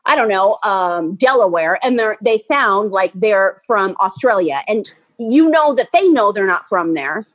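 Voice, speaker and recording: A woman's voice: mid-range voice, animated, unhurried. A woman co-hosting a podcast, talking bluntly and exclaiming a lot in casual chat. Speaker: podcast co-host.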